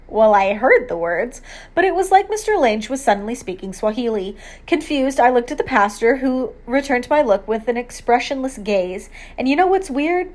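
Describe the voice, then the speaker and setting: A woman reading an audiobook aloud, measured storytelling narration in the first person. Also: a little high, sing-song, a little mellow.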